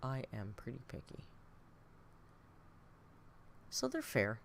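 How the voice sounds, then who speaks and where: A woman's voice: a bass voice, wildly swooping pitch, takes it slowly, vocal fry, a little hiss or hum. A woman hosting a casual live reaction stream from home, chatty and laughing as she scolds her cat between remarks. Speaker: reaction channel host.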